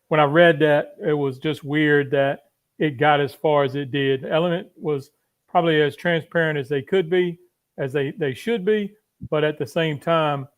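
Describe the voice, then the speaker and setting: A man's voice: a little high, clean tone. A man speaking as a guest on a casual online panel chat, explaining things with lots of fillers. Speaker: panel guest from pharmaceutical industry.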